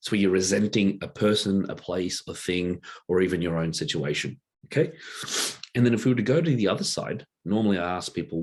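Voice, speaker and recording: Drawing a diagram while he talks, a man leads a relaxed workshop session full of rhetorical checks. He speaks quickly in a low, somewhat rough voice, keeping things loose and conversational.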